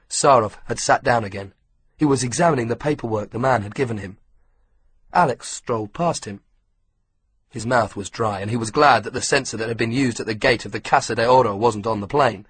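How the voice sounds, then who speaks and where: A man reading an audiobook with steady, measured pacing. His voice is husky and breathy, sitting at an ordinary middle pitch. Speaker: audiobook narrator. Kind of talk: scripted narration.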